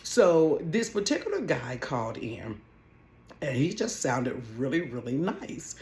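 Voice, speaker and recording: A woman telling a casual storytime about her old job at home, chatty and animated, calling listeners honey. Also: low-pitched, measured pace. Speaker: vlogger telling a work story.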